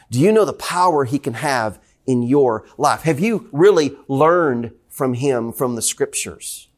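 A man with a Southern US accent, a pastor preaching a sermon in a church, talking conversationally and repeating questions to the congregation. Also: a little high. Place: church sanctuary.

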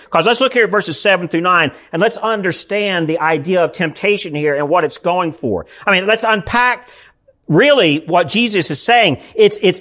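Pastor, male, high voice, earnest sermon delivery with frequent restarts. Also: fairly bright tone. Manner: earnest preaching, frequent "I mean" fillers and restarts.

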